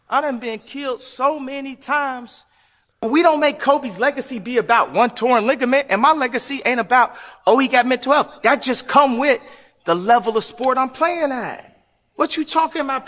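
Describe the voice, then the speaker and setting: A man's voice: extremely high pitch, pushed and bright. A man speaking in an interview, preachy and emphatic, rambling between points with laughs. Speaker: interview guest. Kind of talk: impassioned interview talk.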